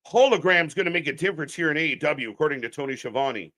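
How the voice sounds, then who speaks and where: A man's voice: on the high side, expressive, fast, pushed and bright. A man hosting a live wrestling watch-along stream, riffing bluntly and sarcastically with lots of swearing while talking to the chat. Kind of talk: unscripted live alternative commentary.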